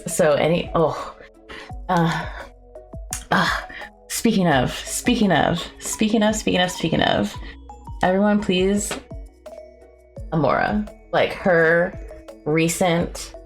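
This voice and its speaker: A woman with a lowish speaking voice chats casually while streaming herself at work. She gushes and rambles with excitement and now and then jumps into high squeals. Faint music plays softly behind her. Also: vocal fry. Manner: effusive and excitable, gushing with sudden high squeals. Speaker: artist streaming a co-working session. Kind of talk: casual livestream chat.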